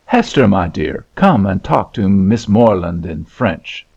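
A man's voice: sits low, very animated, slow pace, gravelly, darkish tone, husky, highs cut off, heavily acted. A man doing a prim, preachy mother. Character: prim, pompous mother boasting of her children.

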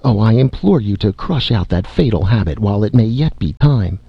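A man's voice: animated, normal speed, gravelly, breathy edge, dry recording, heavily acted. A man putting on a pleading old aunt's voice. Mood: frantic pleading. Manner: high-pitched, imploring, breathless. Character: distraught pleading elderly aunt, woman. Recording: slightly dull lo-fi recording.

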